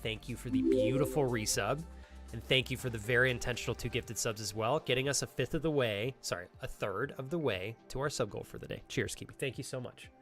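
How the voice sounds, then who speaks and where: A man's voice: medium pitch, a little fast, a bit bright, soft background music. A young adult man streaming a game live, chatting casually and earnestly thanking viewers by name. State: out of breath.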